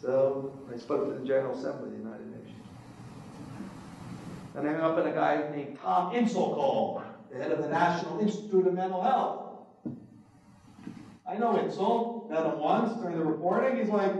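A man's voice: high-pitched, normal speed, far from the mic. Storytelling man in an echoey hall. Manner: animated anecdotes with quoted voices. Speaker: author giving a talk. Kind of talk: storytelling public talk.

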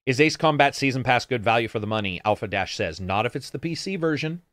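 A man of middle pitch hosts a laid-back gaming show and answers viewer comments as they come in. He rambles, swears freely and throws in sarcastic asides. The recording is close and dry, with no room sound. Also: lively intonation, fast talker, fairly bright tone, dry recording. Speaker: stream co-host reading viewer comments. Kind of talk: casual gaming chat.

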